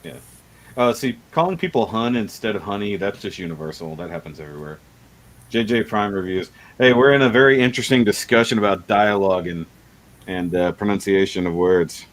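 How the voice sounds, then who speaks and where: Chatty low-voiced man hosting a stream. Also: expressive, fairly quick, rough recording. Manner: rambling, chatty, laughs often. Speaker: livestream host. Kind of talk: casual livestream chat.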